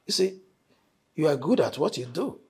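A man plays a wealthy chief with a raspy voice, measured and authoritative, his pitch moving freely as he speaks. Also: sing-song, warm tone, full character voice. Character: wealthy, measured male head of house.

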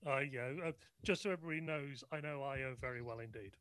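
A man's voice: medium pitch, fast talker, fairly bright tone, smooth. A man, a guest on a radio talk show, wry and sarcastic. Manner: wry, sarcastic, laughs easily.

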